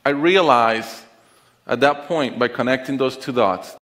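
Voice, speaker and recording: A middle-aged man telling a personal story on stage, with an earnest, deliberate, heartfelt delivery and pauses. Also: medium pitch, fairly bright tone. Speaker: conference speaker. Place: stage in a large auditorium. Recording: long reverb of a large auditorium.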